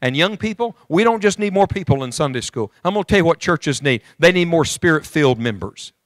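Preaching in church, this middle-aged evangelist talks straight to his congregation with fervor and a rising, falling delivery. The voice is a little high, expressive and fairly quick, recorded without any room sound.

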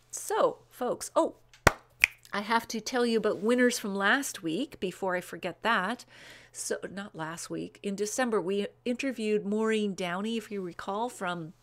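A woman's voice: mid-range voice, a bit bright, slight background noise. Chatty woman hosting a live wine show. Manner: chatty and bubbly, with frequent "um"s and quick asides; gushing over wines, rattling off names and tasting notes. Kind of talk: casual live-stream chat, reading viewer comments.

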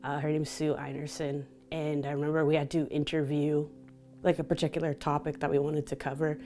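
Low-voiced woman telling her story. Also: little pitch movement, a little fast, mellow, faint music behind. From Canada (Vancouver). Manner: open, reflective storytelling with frequent laughter. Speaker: interviewee, DJ and motivational speaker. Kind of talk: candid personal interview.

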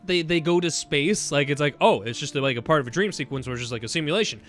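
A man's voice: on the high side, quick pace, few pauses, faint music behind. A young man hosting a casual gaming video, rambling and stammering as he chats, laughing often. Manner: excited whoops while playing. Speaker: gaming channel host. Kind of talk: casual let's-play commentary.

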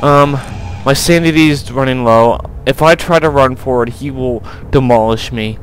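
A man's voice: medium pitch, normal speed, rough recording. A young man commentating a horror game, jumpy and panicky, often crying out in fright. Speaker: gameplay commentator.

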